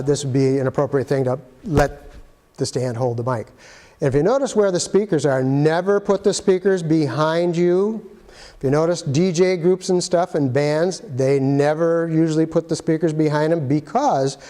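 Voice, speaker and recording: A man with a fairly high voice walks through setting up sound gear in a casual, practical way. He talks straight to the viewer with homespun asides. The room around him rings with a long reverb. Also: a little mellow. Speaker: arts facility equipment guide. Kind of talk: casual instructional walkthrough.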